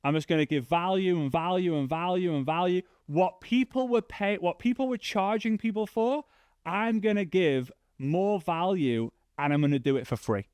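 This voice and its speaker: Young man, workshop speaker, higher-pitched, very animated, dry close sound. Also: moderate pace, clean tone, no echo. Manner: animated, acts out dialogue with big pitch jumps. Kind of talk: storytelling talk to a live audience.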